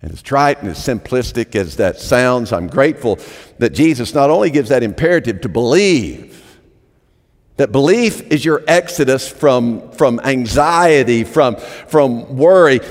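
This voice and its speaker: A male pastor preaching a sermon in a church, emphatic and animated, often repeating phrases as he presses a point. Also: medium pitch, a little slow. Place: church sanctuary. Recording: long hall reverb.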